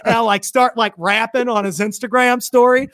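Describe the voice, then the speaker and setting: A young adult man as a podcast guest, telling a lively story, acting out the voices and laughing through it. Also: extremely high pitch, a little fast, no room sound, clean studio sound.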